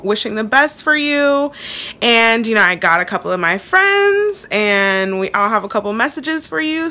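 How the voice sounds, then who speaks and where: A woman co-hosting a podcast in casual chat, lively and giggly. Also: high voice. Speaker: podcast co-host.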